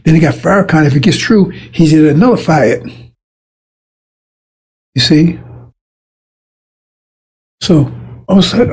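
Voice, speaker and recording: Gravelly, husky man preaching emphatically. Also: fairly high pitch, lively intonation, unhurried, long pauses. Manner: repetitive, emphatic, rambling preaching with stumbles. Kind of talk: informal sermon.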